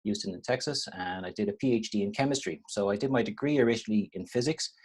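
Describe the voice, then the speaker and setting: Irish man with a low voice on a video call. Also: quick pace, slightly rough. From Ireland. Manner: relaxed, rambling, with frequent restarts. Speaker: university lecturer. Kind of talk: webinar talk.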